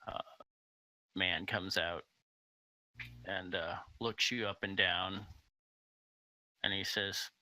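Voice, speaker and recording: Man gm narrating an rpg, real slow with lots of uhs, bright sharp voice. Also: sits low, steady tone, no echo, poor audio. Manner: slow, halting narration with many fillers. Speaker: game master. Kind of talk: narrating a tabletop game.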